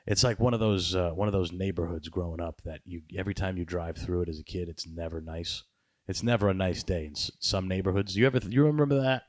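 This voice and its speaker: A man's voice: sits low, quick pace, a little mellow, no echo, studio quality. A man hosting a podcast, chatting in a rambling, sarcastic way and swearing often. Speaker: podcast host. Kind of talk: casual podcast chat.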